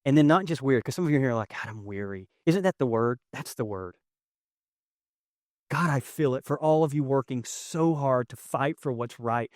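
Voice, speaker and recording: Expressive young male pastor preaching. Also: mid-range voice, moderate pace, no room sound, studio quality. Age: young adult. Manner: conversational and emotional, swinging from loud to hushed. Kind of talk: sermon. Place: church sanctuary with audience.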